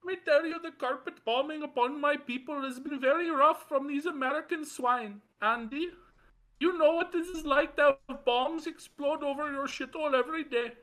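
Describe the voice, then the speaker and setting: A man's voice: very high-pitched, moderate pace, bright, forceful tone. A man putting on an Indian accent to play a pushy, nagging character on a comedy livestream. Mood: mock-grandiose. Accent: put-on Indian accent. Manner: repeats a catchphrase, nagging and needling. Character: pushy mock-Indian man, heckling and badgering. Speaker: co-host.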